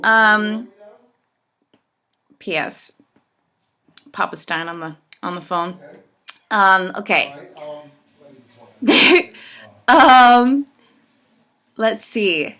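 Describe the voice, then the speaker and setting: A woman's voice: mid-range voice, lively intonation, very slow, pauses often, sharp tone. A woman singer answering fan questions in a casual chat, effusive and enthusiastic.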